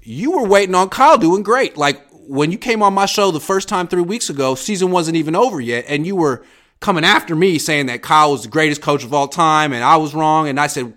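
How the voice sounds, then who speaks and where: A man co-hosting a podcast in casual sports chat, emphatic and animated, often restarting his sentences. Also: fairly high pitch, a little fast. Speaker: podcast co-host.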